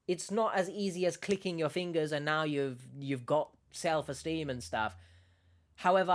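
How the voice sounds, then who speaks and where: A man giving casual video commentary, rambling and sarcastic, often stumbling and correcting himself. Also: fairly high pitch. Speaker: YouTube commentator.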